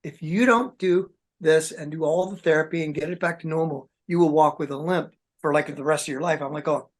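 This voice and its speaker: A man's voice: fairly high pitch, fairly quick. Rambling, chatty male rock drummer. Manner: rambling, chatty storyteller, says man and dude a lot. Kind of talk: casual interview chat.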